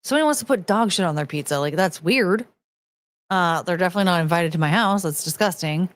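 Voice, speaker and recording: A woman's voice: on the low side, brisk, no echo. A woman in her thirties hosting a casual show, talking bluntly and a bit profanely while reading and answering chat. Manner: blunt, profane, animated, mocking voices in quotes. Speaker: streamer host reading chat.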